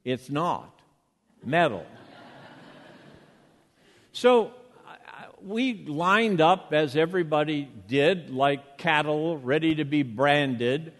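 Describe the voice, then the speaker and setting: An older man with a Boston accent preaches a sermon like he's telling a story, leaning on rhetorical questions. His voice sits a bit high and swings widely in pitch. It carries a long reverb from a big church hall. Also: lively intonation, slow pace, long pauses. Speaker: pastor.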